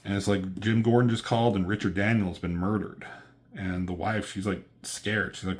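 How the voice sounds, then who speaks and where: Male reviewer, very low voice, casual, rambling, filler-heavy, salty slang. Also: fairly even intonation, moderate pace. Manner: rambling, lots of "um" and "like"; profane, loose slang. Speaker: comic book reviewer.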